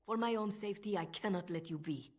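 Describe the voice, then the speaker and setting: A woman's voice: medium pitch, fairly quick, a little hiss or hum, lightly acted. An actress with a French accent voicing a cold, manipulative woman spymistress in a video game, speaking in a silky, menacing way. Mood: scheming.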